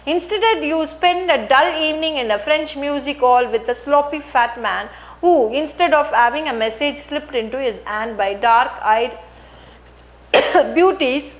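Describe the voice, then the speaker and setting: A woman voicing a fat, wheezing, middle-aged male spy as she reads his lines aloud plainly, with some hesitations. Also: sits high.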